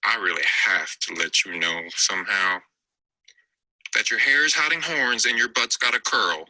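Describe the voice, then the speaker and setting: A man's voice: lowish voice, moderate pace, bright, forceful tone, no echo, rough recording. A man reading a comic poem in a put-on Southern accent, voicing a prim, indignant Southern Baptist church girl. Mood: mock-indignant. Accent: put-on American Southern. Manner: mock-indignant, sing-song recital.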